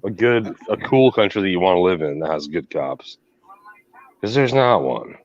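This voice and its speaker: A man's voice: deep voice, lively intonation, moderate pace, highs cut off. A man chatting on a live stream, blunt, sarcastic and opinionated. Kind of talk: casual live stream chat.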